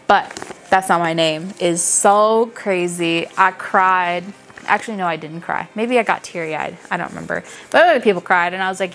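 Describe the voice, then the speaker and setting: A young woman reviewing books in a casual, animated chat, gushing and swearing freely. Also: fairly low pitch, normal speed, faint music behind. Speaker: book reviewer.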